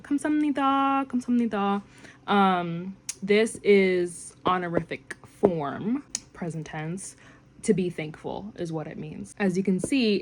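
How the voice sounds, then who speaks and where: A young woman gives a relaxed, rambling lesson on everyday phrases, leaning on fillers as she talks it through. Her voice sits at a middling pitch and pops up brightly whenever she quotes an example phrase. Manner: chatty, rambling, filler-heavy, animated when quoting phrases. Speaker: language learning vlogger. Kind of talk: casual language lesson.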